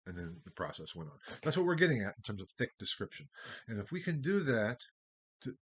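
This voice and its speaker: A man giving a recorded university history lecture, talking in a discursive way with wide swings in loudness and a husky voice. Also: fairly low pitch, sing-song, fairly quick.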